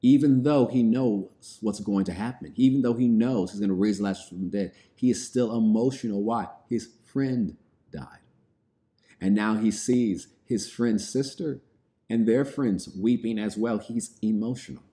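A man's voice: on the low side, moderate pace, warm tone. A man preaching a sermon, reading scripture aloud and then explaining it in plain, everyday words.

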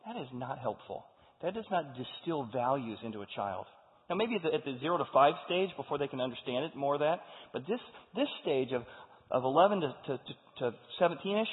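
Man preaching, fairly high voice, lively delivery, echoing hall, tinny phone-like sound. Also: brisk. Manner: animated preaching, acting out quoted voices. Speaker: pastor. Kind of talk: sermon.

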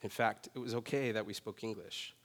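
A man preaching a sermon in a relaxed, conversational way, often checking in with "right?". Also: lowish voice, a little fast. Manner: conversational, self-deprecating, often says "right?". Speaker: pastor. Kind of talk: sermon with personal story. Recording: long reverb of a large hall.

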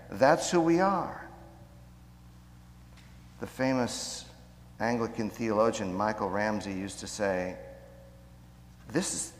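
A man preaching a sermon in a measured way, slowing down to stress key phrases. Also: mid-range voice, big-room sound. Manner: measured, slows down for emphasis.

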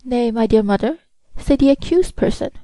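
A woman's voice: on the high side, animated, moderate pace, warm tone, no echo, close to an everyday voice, rough recording. A woman reading as a stern young prosecutor. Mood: measured.

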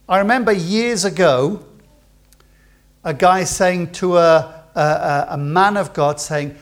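A man preaching a sermon to his congregation, building to loud emphatic peaks and then dropping to quiet asides. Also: sits high, a little slow. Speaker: pastor. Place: church.

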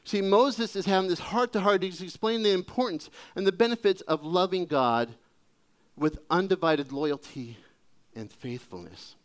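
A man's voice: high voice, moderate pace. A man preaching a sermon in a conversational, humorous storytelling way. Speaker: pastor.

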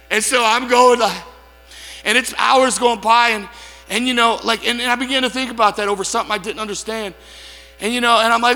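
A man preaching in a storytelling sermon, animated, acting out what people said and breaking into shouts. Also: very high-pitched, a little fast, big-room sound, faint music behind. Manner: animated, acts out quotes, bursts into shouts.

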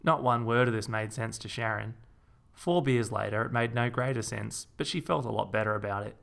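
A man narrating a comic story in a dry, deadpan way. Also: on the low side, fairly quick, vocal fry.

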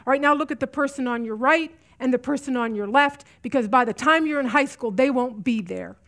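A woman's voice: high-pitched, fairly quick, fairly bright tone. A middle-aged woman teaching a women's Bible study, earnest and repeating key lines for emphasis. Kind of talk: teaching talk to a women's group.

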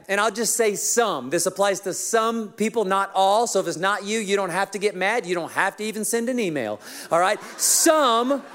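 A man preaching a sermon as pastor, telling self-mocking stories about his marriage with humor. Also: high voice.

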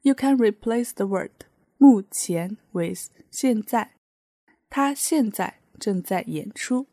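Slow, mellow-voiced woman teaching. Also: mid-range voice, lively intonation, no echo. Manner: patient, explains with many example sentences. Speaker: language teacher. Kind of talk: podcast language lesson.

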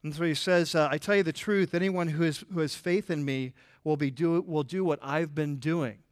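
Here a pastor delivers a church sermon in a higher-than-usual voice, keeping a steady tone at normal speed. His delivery is conversational and stumbles through restarts and fillers. The recording is close and dry, with no room sound.

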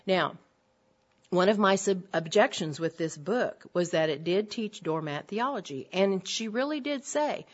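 A woman's voice: lowish voice, animated, moderate pace. A middle-aged woman giving an earnest, emphatic church lecture to women, repeating her key phrases. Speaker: women's Bible teacher. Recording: dull lo-fi lecture recording.

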